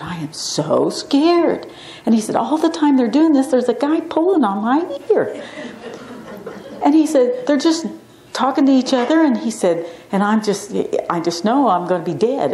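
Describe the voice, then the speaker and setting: Middle-aged woman teaching a class, mellow and a bit low, animated when quoting, recorded in a roomy classroom. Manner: chatty storyteller, acts out quotes animatedly. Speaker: acupuncture physician giving a class talk. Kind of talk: informal classroom lecture. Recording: echoey classroom.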